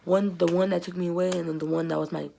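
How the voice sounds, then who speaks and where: A woman's voice: lowish voice, level tone, fast talker, creaky, warm tone, slight background noise, low-quality recording. A teenage girl rambling through a casual storytime about her school friends, acting out the quotes. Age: teens. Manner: chatty, rambling, acts out quotes. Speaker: vlogger telling a storytime.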